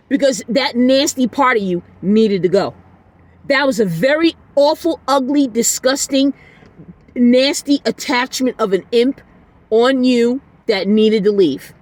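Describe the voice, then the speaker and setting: Woman, solo podcast host, blunt exasperated monologue, fairly high voice, dry close sound. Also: no echo. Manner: ranting, exasperated, blunt with swearing; soft, tired sign-off.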